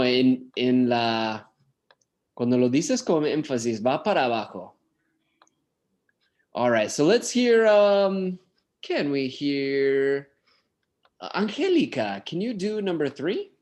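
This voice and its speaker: A teacher leading an English class over a video call, speaking slowly and stretching out the words that matter. The pitch rises and falls a lot, each point modelled with care. Explanations switch into Spanish. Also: a little mellow. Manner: slow, drawn-out emphasis on key words.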